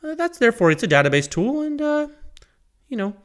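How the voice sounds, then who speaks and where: An extremely high-pitched male voice with big pitch swings moves at a fairly quick clip. It belongs to a podcast host doing casual solo talk, rambling along and laughing at himself as he reads his own sponsor plug.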